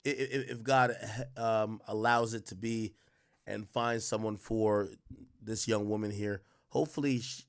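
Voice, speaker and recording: A man hosting a livestream, reacting to a clip in an animated, slangy, profane way and thinking out loud. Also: on the low side, unhurried, clean tone. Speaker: livestream commentary host. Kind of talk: live-stream reaction commentary.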